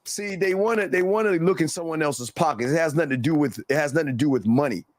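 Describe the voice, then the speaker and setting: A man's voice: a little high, fast, dry recording. A man hosting a show, giving heated, blunt and profane commentary in a ranting, repetitive way. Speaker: host.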